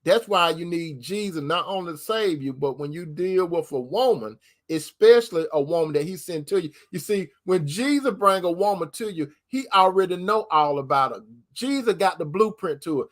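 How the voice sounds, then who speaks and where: A man with a high voice gives relationship advice in a preacherly manner. He calls his listeners brother and drags out key words slowly for emphasis. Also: expressive, a bit bright. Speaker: host giving relationship advice. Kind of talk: preacherly advice talk reading viewer comments.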